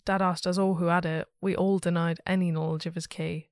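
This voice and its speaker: Podcast host, woman, low pitch, reads ghost stories steadily and expressively. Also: flat delivery, fairly quick, no echo, studio quality. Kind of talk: reading a listener's ghost story aloud.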